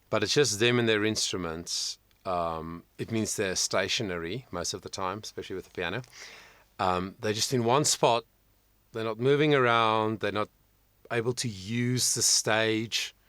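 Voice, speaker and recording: A man's voice: medium pitch, fairly bright tone, no room sound. A man working as a vocal coach, talking through a singer's performance in casual commentary, thoughtful, with frequent ums and restarts.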